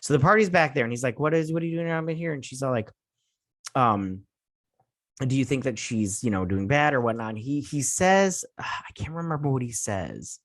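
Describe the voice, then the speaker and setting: A man's voice: mid-range voice, expressive, moderate pace, fairly bright tone, no room sound, studio quality. A man from the United States hosting a casual episode recap, rambling with lots of fillers and restarts. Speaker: host.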